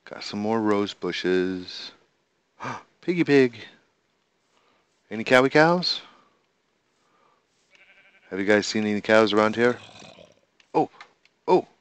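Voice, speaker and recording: A man casually commenting on his own gameplay, excitable and talking to the animals and monsters he meets. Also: on the low side, slow, long pauses, clear, resonant tone, dry recording. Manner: excitable, talks to the animals and mobs in the game. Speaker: gamer. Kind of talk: casual let's-play commentary. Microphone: desk microphone.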